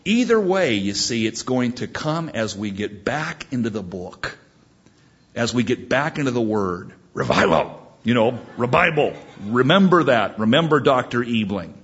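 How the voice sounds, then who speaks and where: A man's voice: mid-range voice, sing-song, normal speed, a bit bright, breathy edge, highs cut off. A male pastor preaching a sermon, telling a story with emphatic delivery.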